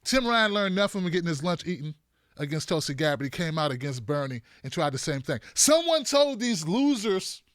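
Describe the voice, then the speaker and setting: A man hosting an online political commentary show, animated and mocking as he runs down debate performances. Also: a little high, a little fast, no echo, clean studio sound.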